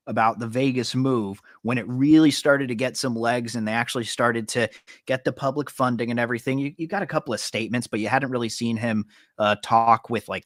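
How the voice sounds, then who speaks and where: A man's voice: medium pitch, fairly bright tone, no room sound, studio quality. Easygoing male sports podcast host. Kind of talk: casual sports talk.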